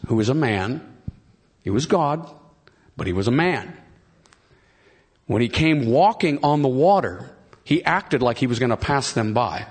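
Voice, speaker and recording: A middle-aged man preaching a sermon, retelling a scripture story with excitement. He often repeats and restarts phrases and calls out to the congregation. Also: medium pitch.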